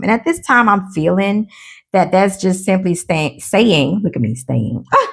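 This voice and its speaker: A woman's voice: mid-range voice, sing-song, takes it slowly, fairly bright tone. A woman giving a casual tarot reading to her viewers. She is chatty and giddy, calls them y'all, laughs at herself and trips over her words. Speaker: tarot reader.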